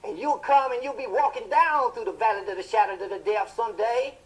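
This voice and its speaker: A thundering TV preacher. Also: male voice, poor audio. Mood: fiery. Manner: impassioned, booming, drawn-out emphatic preaching. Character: fiery male televangelist, fierce and thundering. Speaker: television preacher. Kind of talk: fiery sermon.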